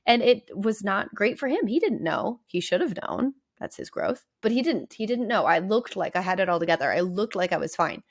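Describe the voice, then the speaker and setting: A woman's voice: mid-range voice, animated, fairly quick, hardly any pauses. A woman therapist talking candidly and conversationally on her podcast, with lots of "like" and "right?". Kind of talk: casual podcast monologue.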